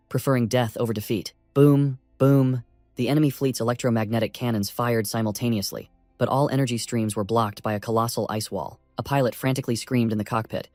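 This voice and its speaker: Dry, even male story narrator. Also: medium pitch, no room sound.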